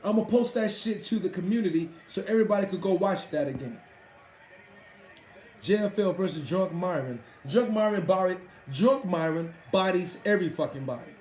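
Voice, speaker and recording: A man's voice: high-pitched, moderate pace, darkish tone, reverberant, rough recording. A man hosting a live stream, chatting casually with his viewers in a profane, boastful way. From Washington D.C.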